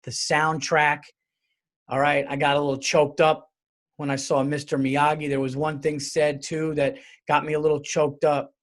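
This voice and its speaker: A male comedian hosting his own podcast, riffing alone in a loose, rambling, joking way. His voice sits a little higher than most men's, and he speeds up and slows down as he goes. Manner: animated, rambling, jokey with profanity. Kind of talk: casual solo podcast monologue.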